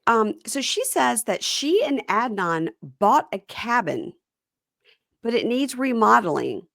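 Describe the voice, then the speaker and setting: A woman hosting a casual recap chat, chatty and quick to mimic people in silly voices. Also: a little high, very animated, vocal fry, a bit bright, dry recording, studio quality. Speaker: podcast host.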